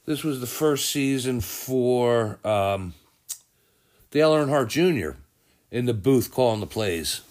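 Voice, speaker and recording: A man's voice: mid-range voice, lively intonation, slow, a little mellow. A man hosting a casual sports podcast, rambling and thinking aloud as he goes through results and news, often correcting himself. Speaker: podcast host.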